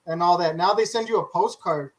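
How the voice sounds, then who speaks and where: A man talks through his selling methods in a casual group chat. His voice sits high for a man, and he often stammers and restarts. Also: a little fast, rough recording. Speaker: Amazon reseller guest. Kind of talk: casual explaining.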